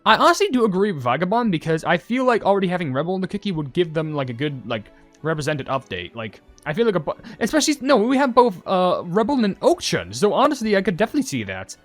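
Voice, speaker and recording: A young man doing casual commentary as a YouTuber, rambling and correcting himself with excitable asides. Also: high voice, fast talker, soft background music. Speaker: YouTuber reacting to game updates.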